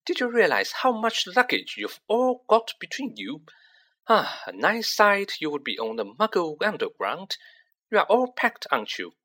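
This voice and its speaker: A reader voicing a middle-aged storybook mother who speaks briskly and shrilly. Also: medium pitch, sing-song, pushed and bright, voice pushed up.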